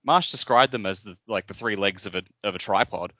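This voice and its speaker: A man's voice: fairly low pitch, fairly quick, sharp tone, no room sound. A man co-hosting a casual book podcast, rambling through his ideas. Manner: rambling, acts out characters' lines in quotes. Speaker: podcast co-host. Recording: dry, muffled lo-fi podcast audio.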